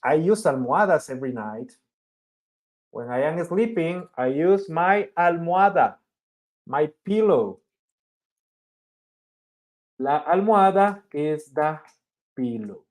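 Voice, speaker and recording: Slow, patient man teaching a language class. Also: a little high, animated. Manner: patient, explains step by step with frequent checks like "okay?". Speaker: Spanish teacher.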